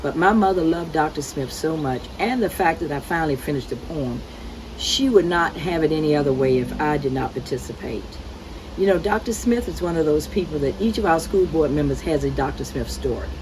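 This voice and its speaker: A woman's voice: low-pitched, animated, brisk, noisy background. A woman on a school board, reading aloud a playful rhyming tribute poem at a retirement celebration. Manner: playful, rhythmic recitation with cheerful teasing.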